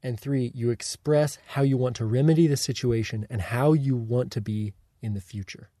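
Man coaching warmly in a dry, close sound. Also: mid-range voice, fairly even intonation, dry recording. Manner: deliberate, coaching, checks in with "okay?" and "right?". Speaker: self-help teacher. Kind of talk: instructive monologue.

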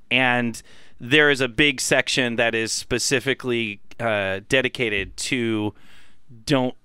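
A man's voice: medium pitch, pushed and bright, clean tone, dry recording. A man co-hosting a podcast, telling raunchy stories with frequent laughs and bursts of goofy singing. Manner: bawdy, laughs often, breaks into goofy sung bits. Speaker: podcast co-host. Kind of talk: casual banter and storytelling.

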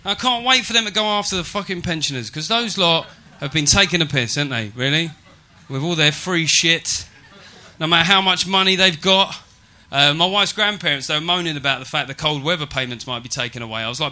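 A man's voice: fairly high pitch, lively intonation, a little fast, pushed and bright. A man performing a stand-up set in a comedy venue, brash and swearing with mock-serious asides.

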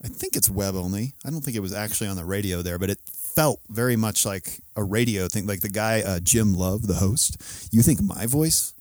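A man's voice: fairly low pitch, brisk, few pauses, darkish tone, dry recording. Dry, candid man chatting on a podcast. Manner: candid, self-deprecating, rambling with restarts. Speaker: podcast co-host. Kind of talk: casual chat.

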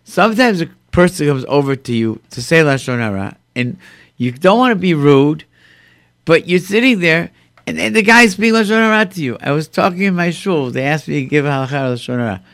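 A man's voice: fairly high pitch, expressive, brisk, a bit bright, no echo, studio quality. A man telling stories in a casual conversation, acting out quoted speech and mixing in Hebrew and Yiddish terms.

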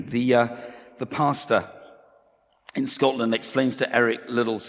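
A man in his fifties preaching a sermon with enthusiasm, often pausing on fillers and repeating key phrases. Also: medium pitch. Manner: enthusiastic, with frequent fillers and repetitions. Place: church hall. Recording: reverberant hall.

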